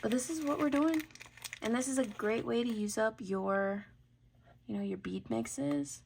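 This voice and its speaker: A woman chatting casually through a bead necklace tutorial as she works at her desk mic, thinking aloud and trailing off into soft mutters. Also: a little high, unhurried, creaky, a little hiss or hum. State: has the hiccups. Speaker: jewelry-making channel host. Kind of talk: casual craft tutorial chat.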